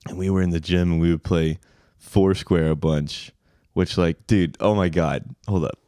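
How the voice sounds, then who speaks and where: A young man with a low voice rambles through a story on a podcast, laughing between lines. The sound is dry and close to the mic, with no room around it. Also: steady tone, moderate pace, warm tone, smooth, dry recording. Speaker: podcast co-host. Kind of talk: casual chat.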